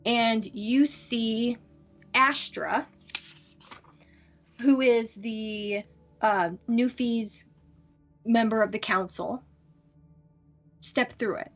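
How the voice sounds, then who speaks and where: A woman narrating a tabletop game as game master, pausing often and using many fillers. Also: a little high, lo-fi sound, faint music behind. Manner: hesitant, full of fillers.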